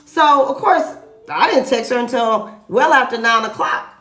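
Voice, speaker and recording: Lady realtor telling a story, kinda high voice, lively, echoey room. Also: unhurried. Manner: animated, lively retelling with emphatic repeats. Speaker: real estate agent. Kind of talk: casual storytelling to camera.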